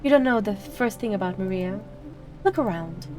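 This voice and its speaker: A woman's voice: mid-range voice, expressive, normal speed, darkish tone, faint music behind, lightly acted. A woman voicing a bitter, grieving sister in a video game, cutting and sarcastic. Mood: scornful.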